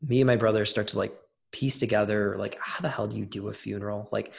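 A man's voice: fairly low pitch, steady tone, fast talker, gravelly. A young adult man, an interview guest, telling a personal story in casual conversation, with many fillers and restarts.

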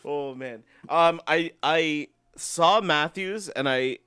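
A man's voice: a little high, slow pace, sharp tone, clear, resonant tone, no echo, studio quality. Rambling, swearing young man. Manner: rambling storyteller, swears freely, laughs often. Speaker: podcast co-host. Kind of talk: casual chat. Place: indoors, shared house.

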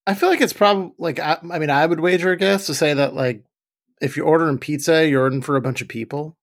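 A man's voice: a little high, steady tone, fast talker. A man co-hosting a comedy podcast, wry and laughing through his jokes. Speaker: podcast co-host. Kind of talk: casual comedic chat.

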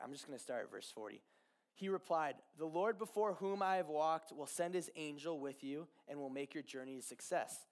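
Chatty man retelling a Bible story. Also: fairly high pitch. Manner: animated, chatty, with fillers and asides. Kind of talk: casual sermon storytelling.

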